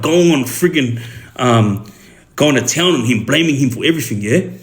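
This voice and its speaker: A middle-aged man with an Australian accent tells a story in a casual, rambling way, with many fillers and asides. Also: mid-range voice.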